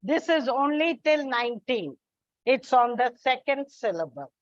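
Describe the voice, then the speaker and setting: Woman teacher, high voice, slow deliberate delivery, calls students children, dry close sound, dull lo-fi recording. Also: big pitch swings, dry recording. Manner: slow, deliberate, repeats and lists examples. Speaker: English teacher. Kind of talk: classroom lecture.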